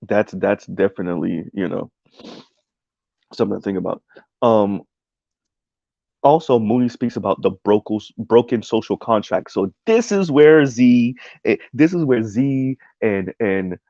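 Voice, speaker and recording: Low, gravelly male streamer: loose, rambling talk, reads chat aloud, full of "um" and "right?", on a dull lo-fi mic. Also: expressive, a little slow, dark tone, no echo. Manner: rambling, many "um"s and "right?" tags. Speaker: streamer reacting to a video essay. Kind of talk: casual livestream commentary, reading chat.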